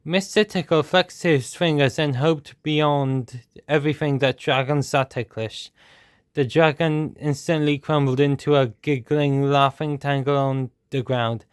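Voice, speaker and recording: A man reading a children's storybook aloud at a steady, measured pace. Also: fairly high pitch, clear, resonant tone, no echo, clean studio sound.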